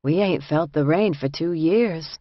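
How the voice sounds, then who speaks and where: A tough, plain-spoken woman inmate, played by a female reader, with a low voice. The recording is dry and dull, close and without room. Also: measured pace, dry recording. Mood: wistful.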